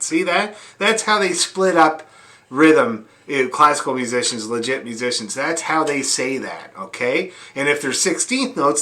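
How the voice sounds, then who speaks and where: A man's voice: a little high, lively intonation, unhurried, pushed and bright. A man teaching fiddle, demonstrating bowings, counting beats aloud and often checking that his students are following. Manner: frequent check-ins asking students if they see. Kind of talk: online music lesson.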